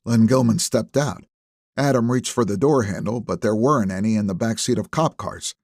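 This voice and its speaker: A man's voice: on the low side, dry recording. Male audiobook narrator, dry close sound. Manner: steady, measured storytelling. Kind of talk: scripted narration.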